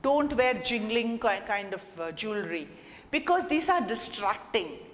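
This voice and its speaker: A woman's voice: on the high side, animated, a little slow. Woman lecturing in an echoey hall. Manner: explanatory, repeats points, asks rhetorical questions. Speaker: college lecturer. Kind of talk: classroom lecture on communication skills. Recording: long reverb, faint background noise.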